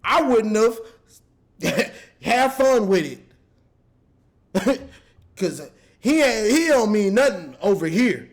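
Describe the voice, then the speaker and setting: A man's voice: high-pitched, big pitch swings, takes it slowly, long pauses. A man giving an exasperated, repetitive rant as a sports fan commentator, breaking into laughter now and then.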